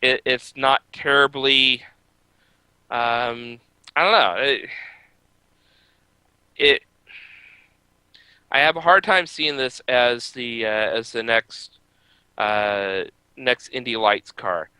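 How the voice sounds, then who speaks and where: A man co-hosting a motorsport podcast, talking casually with many filler pauses. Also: medium pitch, sharp tone, clean tone, no room sound, poor audio. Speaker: podcast co-host. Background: baby crying.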